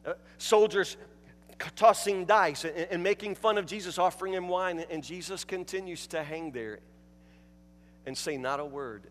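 A male pastor preaching a sermon, emphatic, repeating words and dropping to hushed tones at moments. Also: high-pitched, normal speed, long reverb tail.

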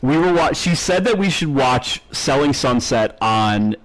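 A man's voice: mid-range voice, expressive, measured pace, low-quality recording. A man co-hosting a podcast, ranting bluntly and swearing a lot in casual chat. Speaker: podcast co-host.

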